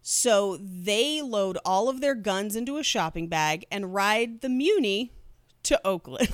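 A woman's voice: medium pitch, lively intonation, measured pace, dry recording, clean studio sound. A woman hosting a podcast who tells a true crime story in a casual, chatty way. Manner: laughs while telling the story.

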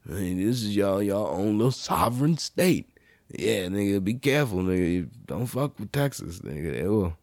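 A man hosting a podcast, telling a story in a profane, animated casual rant. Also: lowish voice, normal speed, dry recording. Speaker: podcast host.

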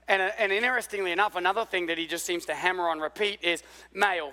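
A man's voice: high voice, lively intonation, fast, pushed and bright. A male pastor preaching a sermon in a conversational way, repeating words for emphasis and asking the congregation questions. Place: church hall. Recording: long hall reverb.

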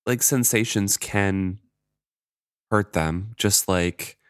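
Low-voiced man recapping a book. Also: slow, clear, resonant tone, no echo, clean studio sound. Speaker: podcast co-host. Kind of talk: casual chat retelling a book.

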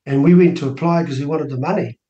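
New Zealand man, animated storyteller. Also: a little high, fast talker, lo-fi sound. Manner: acts out quoted dialogue with lively rising voice. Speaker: interview guest, minor party co-leader. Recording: roomy studio echo.

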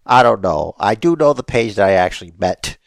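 A man with a gravelly, fry-heavy voice chatting loosely on a podcast. He talks in a teasing, bossy way. The recording is dry and close. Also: on the low side, animated, fairly quick, dry recording. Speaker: podcast co-host. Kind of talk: casual chat.

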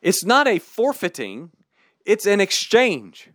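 A man preaching a sermon in an emphatic, candid, animated way. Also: high-pitched, takes it slowly, no room sound, studio quality.

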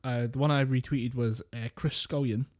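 A man's voice: mid-range voice, fairly even intonation, normal speed, darkish tone. A Scottish man co-hosting a podcast, chatting in an easygoing, agreeable way. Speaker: podcast co-host. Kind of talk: casual podcast chat.

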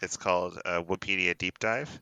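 A man's voice: low voice, fairly even intonation, fairly quick, vocal fry, pushed and bright, smooth, dull audio. A man from Canada, hosting a podcast in eager, chatty casual talk. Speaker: podcast host.

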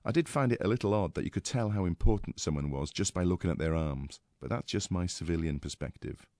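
A man's voice: low voice, fast, mellow, no room sound, studio quality. A man from England, a regular contributor, reading out a clipped, anecdotal personal piece.

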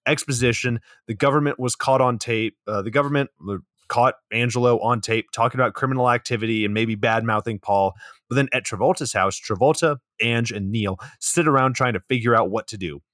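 Male podcast co-host, profane and sarcastic, mid-pitched, dry booth sound. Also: brisk, a bit bright, dry recording. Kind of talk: casual comedic movie recap.

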